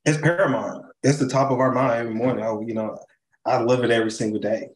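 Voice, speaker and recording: A man from Chicago, a charity leader, talking as an interview guest over a video call in an animated, enthusiastic way, with many fillers and tag questions. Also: medium pitch, fast talker, echoey room, low-quality recording. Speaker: charity CEO and co-founder, guest.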